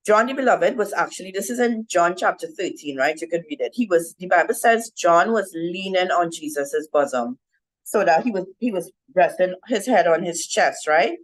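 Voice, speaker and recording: A woman's voice: lowish voice, lively intonation, moderate pace, poor audio. A woman giving an informal Bible teaching talk to women, keeps asking "right?" as she goes. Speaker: women's ministry speaker.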